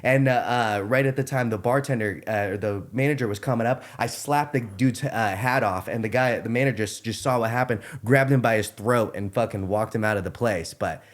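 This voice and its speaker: A young man hosting a podcast, telling a story in an animated, profane, casual way. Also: medium pitch, fairly quick, hardly any pauses. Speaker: podcast host.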